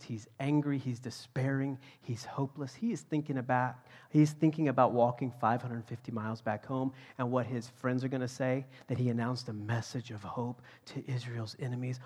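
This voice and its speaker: A man preaching a sermon, swinging from loud, emphatic lines to hushed, whispered passages. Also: mid-range voice, breathy edge. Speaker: pastor.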